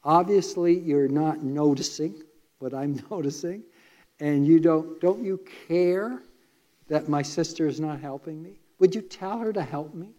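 A man's voice: on the high side, a little slow, mellow, muffled recording, close to an everyday voice. A man voicing a flustered, busy woman host who complains and pleads for help. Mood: exasperated.

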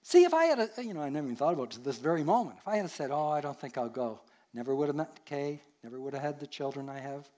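Older Canadian pastor telling stories. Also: male voice, on the high side, big pitch swings, racing, hardly any pauses, warm tone. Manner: storytelling, earnest, chuckles at himself. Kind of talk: sermon.

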